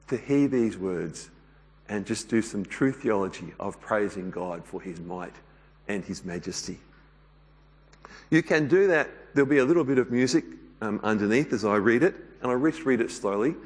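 Man preaching in a reverberant hall. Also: medium pitch. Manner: gentle, unhurried preaching with fillers. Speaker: pastor. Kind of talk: sermon. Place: church.

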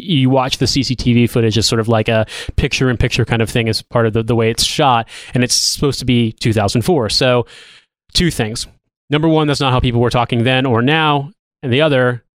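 Brief: man, mid pitch, smooth resonant voice, dry close sound, casual rambling film chat. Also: a little fast, no room sound. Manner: loose, rambling, swears casually. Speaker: podcast co-host.

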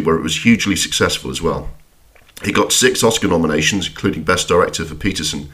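Low-pitched male podcast host, dry self-deprecating delivery, scripted film review. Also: a bit bright.

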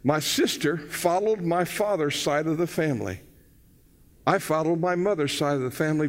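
A older man preaching a sermon, telling stories with energy that swings from loud to hushed. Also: fairly high pitch, normal speed. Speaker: pastor. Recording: long hall reverb.

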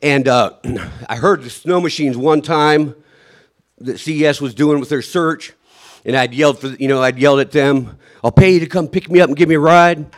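A man telling a personal survival story in a halting, emotional way, often trailing off and restarting, and acting out his own shouts. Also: fairly high pitch.

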